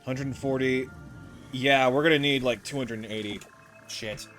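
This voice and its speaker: A man's voice: mid-range voice, fairly even intonation, moderate pace, fairly bright tone. A man streaming a building game, muttering casual commentary with swearing and self-deprecating asides. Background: game music.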